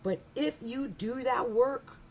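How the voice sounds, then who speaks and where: A middle-aged woman giving a rambling, animated astrology reading, laughing often and restarting her sentences. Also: fairly high pitch, takes it slowly, slight background noise. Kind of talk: casual monthly astrology reading.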